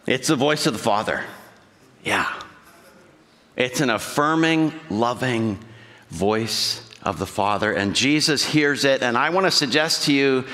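A man's voice: medium pitch, expressive, measured pace, sharp tone. A male pastor preaching a sermon in a church, talking conversationally and putting questions to the congregation. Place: church sanctuary. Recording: long hall reverb.

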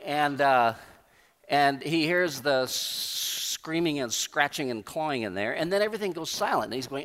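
A man preaching a sermon as pastor, emphatic, with pauses and repeated phrases. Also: fairly high pitch, expressive, fairly bright tone. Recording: long reverb of a large hall.

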